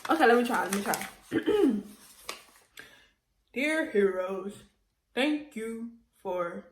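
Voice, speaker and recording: A goofy, excitable woman chatting casually through an unboxing vlog, laughing and getting emotional as she reads notes aloud. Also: fairly high pitch, slow pace, reverberant, rough recording. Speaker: vlogger.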